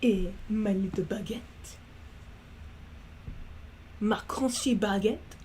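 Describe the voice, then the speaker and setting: A woman voicing a flirty French woman, speaking slowly in a mock French accent. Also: medium pitch, darkish tone, slight background noise, close to an everyday voice. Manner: slow, drawn-out, flirtatious.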